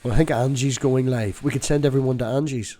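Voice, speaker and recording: A man's voice: mid-range voice, steady tone, fast talker, dark tone. A man hosting a casual online hangout from home at night, joking while keeping his voice down. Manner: joking, keeps voice down. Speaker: stream host.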